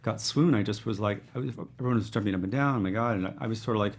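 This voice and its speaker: A man from Texas with a faint Southern accent, a guest telling stories in casual conversation. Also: on the low side. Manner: fast, animated storytelling with acted asides. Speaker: guest, actor and writer.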